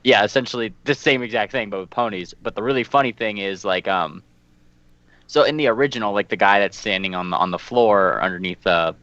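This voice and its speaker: Young male guest, lowish voice, excited and chatty, dull dry sound. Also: fairly quick, no room sound. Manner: excited, chatty, swears casually. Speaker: podcast guest. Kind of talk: casual chat.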